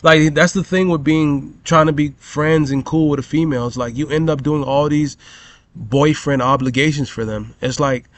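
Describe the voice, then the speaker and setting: A man's voice: on the high side, steady tone, normal speed. A young man telling a profane, rambling story as a vlogger rant, full of "bro" and "you know".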